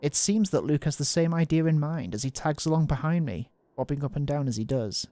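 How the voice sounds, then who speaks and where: A man's voice: fairly high pitch, expressive, fairly quick, dark tone, no echo. A man hosting a gaming video, reading a story game's narration aloud and chuckling between lines. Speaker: gaming host.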